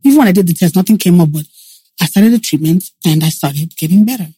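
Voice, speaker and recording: A woman recounting her own story as an interview guest, in a mellow, warm voice. She talks in an animated way, full of restarts, and puts on voices for the people she quotes. The sound is dry and close. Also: lowish voice, fast, husky, dry recording.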